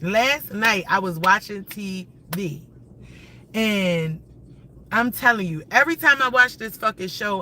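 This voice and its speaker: Bright-voiced woman ranting profanely. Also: medium pitch, a little slow, no room sound, low-quality recording. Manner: animated, profane, rambling and excitable. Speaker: livestream host. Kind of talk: casual ranting livestream.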